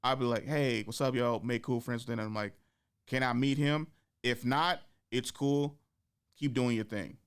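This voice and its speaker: A male comedian hosting his own show, with a smooth, clear voice. He tells stories animatedly, slipping into the voices of the people he quotes. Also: medium pitch, moderate pace. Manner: animated, acts out quoted voices, laughs often. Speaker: podcast host and stand-up comedian. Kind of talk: casual storytelling chat.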